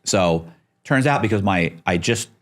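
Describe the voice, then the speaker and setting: A man's voice: low voice, animated, a little slow. A middle-aged man telling a story as a podcast guest, acting out the people he quotes and swearing casually.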